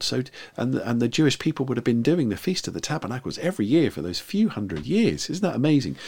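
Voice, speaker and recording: A man preaches a sermon to an online audience, chatting more than declaiming, with plenty of fillers. His voice sits fairly low but moves a great deal, and it often drops into a gravelly creak. He stays conversational throughout. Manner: conversational, animated delivery with frequent fillers. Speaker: guest preacher. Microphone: video recording for online viewers.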